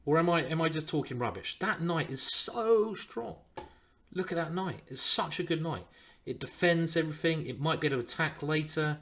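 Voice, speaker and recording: A man talks through a live chess game in a middle-pitched voice, thinking aloud and cursing his blunders. His manner is loose and conversational, with plenty of groaning. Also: fairly bright tone. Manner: thinks aloud, swears and groans over moves. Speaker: chess streamer.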